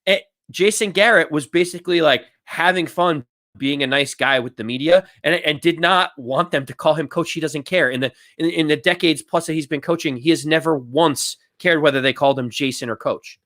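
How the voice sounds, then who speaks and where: A man's voice: a little high, a little fast, fairly bright tone, no room sound, clean studio sound. A man co-hosting a sports podcast in casual chat, telling a story step by step and acting out quotes. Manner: explanatory storytelling, acts out quotes. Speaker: podcast co-host.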